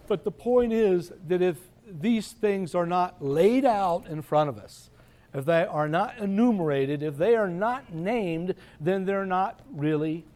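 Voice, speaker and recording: A man, a priest, giving a conversational sermon and slowing down to quote scripture. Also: fairly high pitch, dark tone.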